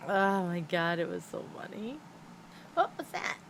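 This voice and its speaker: A chatty woman streamer in middle age talks slowly in a fairly high, lively voice that rises and falls a lot. She tells stories as she plays, giggles often and drops the odd swear word. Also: slight background noise. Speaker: game streamer. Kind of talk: casual livestream chat while playing.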